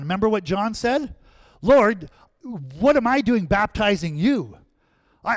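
A man's voice: high-pitched, dry recording. A man preaching a sermon as pastor, conversational, checking in with "right?" and "amen?".

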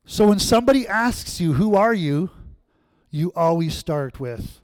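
A pastor preaches to his congregation in a fairly high male voice. He keeps throwing questions back at the room and swings between loud, emphatic lines and quiet asides. The sound is close and dry, with no room echo. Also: lively intonation, unhurried. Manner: call-and-response, asking the congregation questions. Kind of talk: sermon.

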